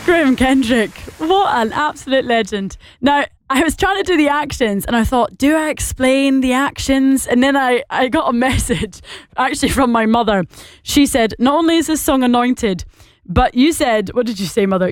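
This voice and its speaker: A woman's voice: sits high, lively intonation, moderate pace, no room sound, studio quality. A woman with a Scottish accent presenting live radio, chatting casually and laughing often as she reads listener comments.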